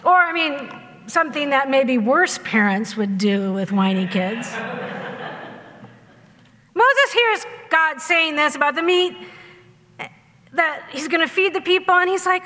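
A woman pastor giving a sermon in a conversational, wry storytelling way, acting out quotes with lively voices. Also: high voice, unhurried, pauses often, long reverb tail. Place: church sanctuary.

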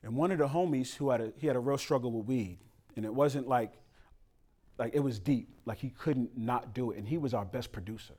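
A man preaching a sermon as pastor, conversational with street slang and sudden loud emphatic rises. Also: medium pitch, brisk.

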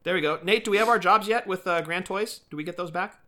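A man's voice: sits high, fast, pushed and bright. A man co-hosting a casual podcast, talking enthusiastically and calling people "dude.". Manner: enthusiastic, says "dude" a lot. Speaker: podcast co-host.

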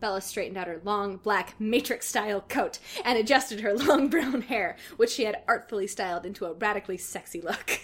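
Speaking at normal speed in a mid-range voice, a woman reads a fan fiction story aloud on the comedy podcast she co-hosts. She gives it dramatic flair and keeps cracking up laughing.

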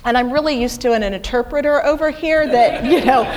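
A middle-aged woman stands before a church as guest speaker, her voice pitched high. She preaches in a chatty, self-deprecating way. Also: brisk, darkish tone, some chatter behind. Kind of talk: sermon. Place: church sanctuary.

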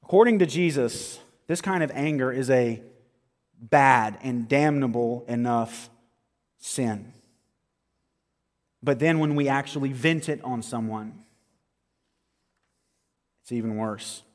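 A man preaching a sermon as a pastor, earnest and building to emphatic peaks, slowing down for stress. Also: medium pitch. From American South. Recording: long hall reverb.

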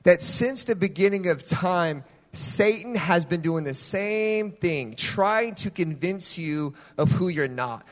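A young adult man preaching a sermon, telling personal stories in a casual, animated way. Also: a little high, slow pace, hardly any pauses. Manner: animated storytelling, casual phrasing. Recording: long hall reverb.

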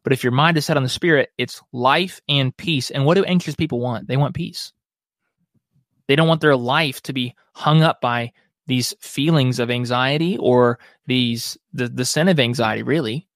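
On a podcast about biblical counseling, a male guest talks in a warm, conversational, earnest and reflective way during an interview. His voice is mid-range and his pace moderate, and the recording is dry and close.

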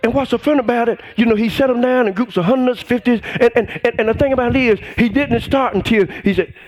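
A middle-aged man preaching a sermon as pastor. He shouts exclamations, calls for response from the congregation, and stretches out key phrases for emphasis. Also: very high voice, fast, no room sound.

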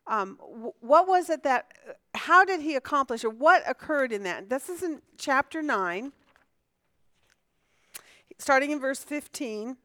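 Woman, Bible class teacher, fairly high voice, dry close sound, asks questions, restarts sentences. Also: animated, a little slow, long pauses, fairly bright tone, dry recording. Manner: asks the class questions and answers them herself; restarts sentences as she thinks aloud. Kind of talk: conversational Bible lesson.

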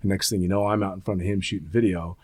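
A man's voice: low-pitched, rapid-fire, no echo. Frank, swearing middle-aged man. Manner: candid, swears freely, animated. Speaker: tandem instructor and podcast host. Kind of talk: casual chat.

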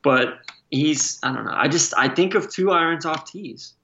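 A man's voice: a little high, expressive, normal speed, gravelly, sharp tone, highs cut off, a little hiss or hum. A man co-hosting a casual sports talk podcast, joking and opinionated. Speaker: podcast co-host.

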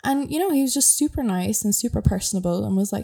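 Her pitch is medium and her delivery animated and quick, with a creaky yet mellow quality. She's a young Irish podcast host, chatting casually and wandering off topic with lots of fillers.

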